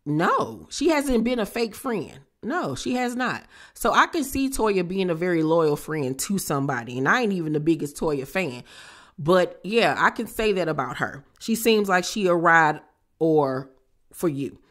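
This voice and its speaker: Sassy woman vlogger with a low voice. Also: very animated, unhurried, a bit bright. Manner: sassy and slangy, playful asides. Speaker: reality TV review vlogger. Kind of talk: casual chat.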